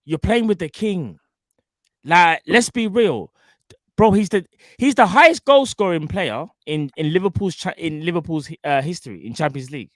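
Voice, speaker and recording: A man's voice: high-pitched, animated, moderate pace, no echo, studio quality. Emphatic football fan man ranting. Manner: emphatic, repetitive, slangy. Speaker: fan channel host. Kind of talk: impassioned football opinion.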